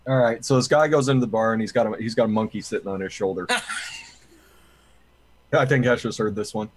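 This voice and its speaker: A man's voice: lowish voice, normal speed, a little hiss or hum. A man on a casual panel telling a long joke, rambling and correcting himself as he goes. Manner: rambling, self-correcting storyteller. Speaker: panel member.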